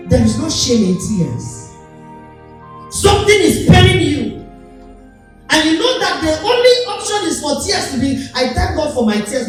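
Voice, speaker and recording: A Nigerian woman apostle preaching a sermon, telling stories and acting out quotes with sudden high shouts. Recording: echoey hall, voice from far off, music behind.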